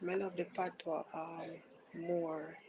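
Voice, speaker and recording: A Jamaican woman hosting a live podcast, chatting casually and slipping into soft, near-whispered phrases. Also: lowish voice, flat delivery, slow pace, noisy background. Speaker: podcast host.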